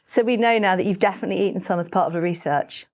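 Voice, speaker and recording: A woman at a middle pitch, hosting a library interview. She asks attentive follow-up questions and reads out fan questions in a plain, friendly way. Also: racing.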